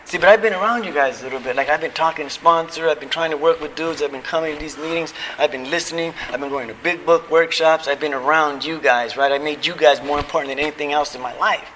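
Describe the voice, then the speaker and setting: A middle-aged man gives a personal recovery testimony with a bright, forceful voice. He tells it as a casual story, acting out both sides of old conversations and chuckling at his own lines. A faint hiss of noise sits under the speech. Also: fairly high pitch, quick pace, few pauses, poor audio. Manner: storytelling, acting out quoted dialogue.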